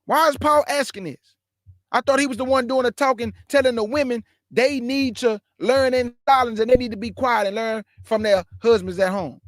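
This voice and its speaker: Man, very high voice, dry close sound, emphatic preaching, rhetorical questions. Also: no echo. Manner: reads scripture aloud slowly and deliberately. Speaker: online Bible teacher. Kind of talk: preaching Bible commentary.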